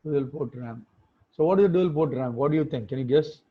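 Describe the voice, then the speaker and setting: A man's voice: a little high, a little fast, husky. A man teaching an online class, explaining things step by step and often checking with tag questions. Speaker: instructor. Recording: phone-like muffled call audio.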